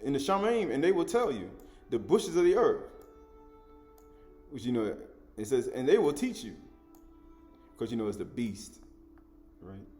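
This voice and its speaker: A man preaching a sermon, teaching in an animated way, repeating and restating his words and chuckling as he goes. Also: medium pitch, measured pace, long pauses, faint music behind.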